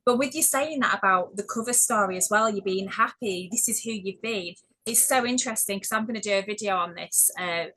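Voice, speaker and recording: A woman's voice: medium pitch, a little fast, few pauses, poor audio. A woman hosting a casual chat, speaking affectionately about spiritual matters. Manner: warm-spoken, affectionate, spiritual talk. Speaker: host.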